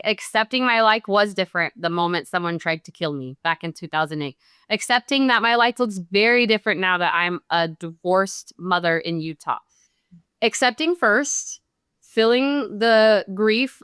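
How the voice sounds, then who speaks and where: A woman's voice: mid-range voice, a bit bright, smooth, dry recording, clean studio sound. A middle-aged woman speaking as a podcast guest, reflective, earnest and heartfelt. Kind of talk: reflective interview talk.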